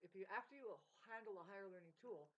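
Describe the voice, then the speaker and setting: A woman's voice: medium pitch, fast talker, highs cut off. A woman talking in a rambling, swearing, stream-of-consciousness monologue about spirituality and music, with her voice jumping up and down. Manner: stream-of-consciousness, swearing, jumps between topics. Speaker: vlogger.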